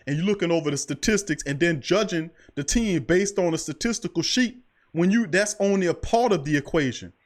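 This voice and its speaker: A man hosting a sports talk show, speaking in an impassioned, preachy way and repeating himself for emphasis. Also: high-pitched. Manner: preachy, emphatic, repeats "I'm telling you". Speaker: podcast host.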